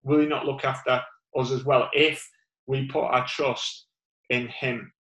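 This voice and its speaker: A man's voice: mid-range voice, steady tone, measured pace, a bit bright, roomy sound, rough recording. A man with a Northern English accent giving an informal sermon, rambling with many fillers and restarts. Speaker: preacher.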